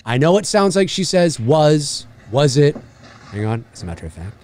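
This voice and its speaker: A man hosting a podcast, giving animated live commentary on a movie like a showman. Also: a little high, normal speed, slight background noise. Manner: animated, showman-like, keeps saying "ladies and gentlemen". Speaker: podcast host.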